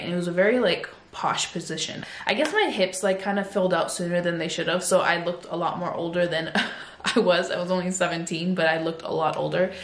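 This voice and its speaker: A woman's voice: on the low side, slight background noise. Chatty woman telling a storytime, echoey room. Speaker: vlogger. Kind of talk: casual storytime. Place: home. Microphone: phone.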